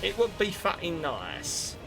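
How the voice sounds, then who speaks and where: A man talking over his game stream in a loose, rambling, self-mocking way. His voice sits a little high for a man. Game music plays clearly behind his desk-mic chatter. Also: wildly swooping pitch, takes it slowly. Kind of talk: casual gaming commentary.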